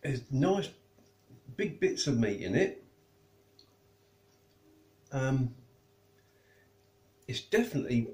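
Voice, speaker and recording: A man's voice: mid-range voice, very animated, takes it slowly, pauses often, darkish tone. A man chatting casually as he reviews food, tasting and eating while he talks. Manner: chatty, tastes and eats while talking. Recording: echoey room.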